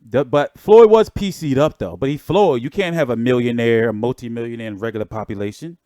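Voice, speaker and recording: A man's voice: medium pitch, brisk, dark tone, dry recording, studio quality. A man hosting a boxing channel, talking in a rambling, laid-back way with lots of fillers. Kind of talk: casual livestream commentary.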